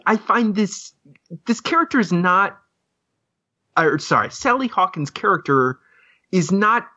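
A co-host in a casual film discussion who laughs often and is quick to agree. The recording is dry and a little dull, with no room echo. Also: mid-range voice, a bit bright, breathy edge. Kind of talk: casual movie review chat. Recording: dry, slightly dull audio.

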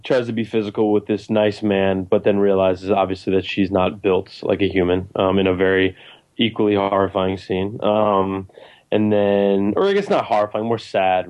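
A young man with a lowish voice talks through a film in loose, animated conversation. He stumbles, restarts and piles on fillers as his excitement builds. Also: rough recording. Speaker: podcast co-host discussing a film. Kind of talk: casual chat.

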